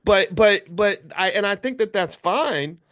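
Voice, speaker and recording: A middle-aged American man, a finance educator hosting his channel, giving an animated, casual motivational talk and acting out the voices of people he quotes. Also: high-pitched, measured pace.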